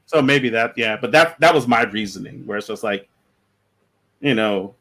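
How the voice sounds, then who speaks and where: A man's voice: lowish voice, moderate pace, a bit bright. A man chatting on a comics podcast panel over an online call, rambling with lots of fillers and restarts. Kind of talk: casual panel discussion.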